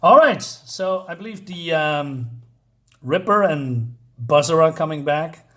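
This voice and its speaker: Man, comic reviewer, somewhat high voice, hesitant, casual chat. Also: animated, slow, pushed and bright. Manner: rambling, hesitant, many fillers and restarts.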